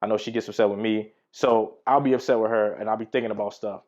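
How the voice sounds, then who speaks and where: A man's voice: lowish voice, fairly even intonation, fast talker, a little mellow, lo-fi sound. A man teaching from the Bible in a casual, slangy way, telling personal stories. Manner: conversational, slangy storytelling.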